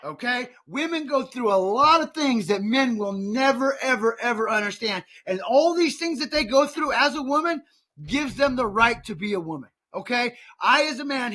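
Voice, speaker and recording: A middle-aged man with an unusually high, bright voice rants on a political podcast. He sounds heated and fired up, and he stumbles over repeated words as he pushes his point. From United States. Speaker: podcast host.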